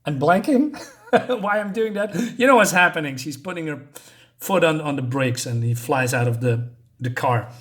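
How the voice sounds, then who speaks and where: A man's voice: fairly high pitch, normal speed. A man casually reviewing a comic book, chatty and chuckling at his own jokes, with lots of fillers.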